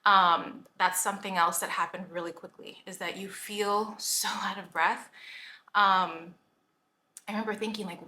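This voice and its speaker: Unhurried and medium-pitched, her voice holds a steady tone that comes across pushed and bright. The speaker is a health coach and vlogger in her thirties chatting casually in a pregnancy vlog, emotional, a little breathless, and dropping "like" often, in an echoey room with faint noise.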